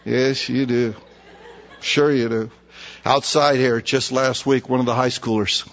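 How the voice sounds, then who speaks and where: A middle-aged man preaching a sermon with humor, acting out conversations with himself in an animated way. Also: mid-range voice, measured pace, muffled recording. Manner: animated, humorous, acts out inner dialogue. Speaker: pastor.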